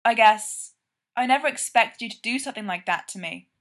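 A woman voicing a dry, sardonic young man in a read-aloud story, with a flat, deadpan delivery. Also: a little high, brisk. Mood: wounded.

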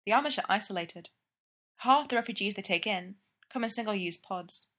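A woman reading a story aloud. Her narration is expressive and lively, at a middle pitch. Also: normal speed.

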